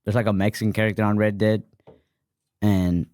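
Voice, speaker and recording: A man's voice: on the low side, level tone, fairly quick, a little mellow, clean tone, no echo. Brief: man riffing as podcast co-host, loose profane banter, dry close sound. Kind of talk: casual comedic chat.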